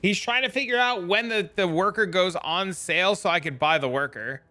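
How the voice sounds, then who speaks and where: A man's voice: high-pitched, normal speed, sharp tone, no echo. A young man streaming a game, explaining it in a rambling, joking, profane way. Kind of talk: casual livestream chat.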